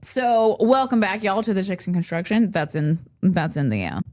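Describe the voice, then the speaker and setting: A woman co-hosting a podcast in casual chat, laughing often and swinging her pitch up high when animated. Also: normal speed. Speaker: podcast co-host.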